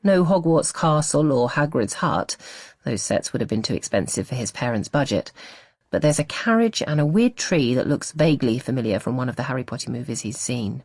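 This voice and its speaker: A woman narrating a mystery thriller audiobook with expressive storytelling. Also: rumbling low, brisk, no room sound, clean studio sound. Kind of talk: scripted narration.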